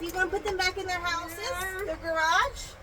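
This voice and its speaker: A woman's voice: extremely high pitch, steady tone, moderate pace. A young mother teaching her child at home in a singsong voice, with exaggerated gasps and animal sounds. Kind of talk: home video, playful teaching. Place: home room. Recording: noisy home phone recording.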